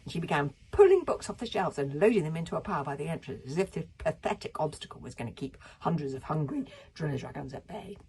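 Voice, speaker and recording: A woman's voice: sits low, very animated, fast talker, few pauses, darkish tone, husky. A woman reading a children's book aloud, breaking off to chat and comment on the story. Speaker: reader.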